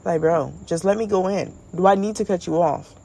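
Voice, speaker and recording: A woman hosting her own show, talking in a blunt, profane, animated comedic monologue. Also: fairly low pitch, fairly quick, vocal fry, slightly rough, rough recording. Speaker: podcast host.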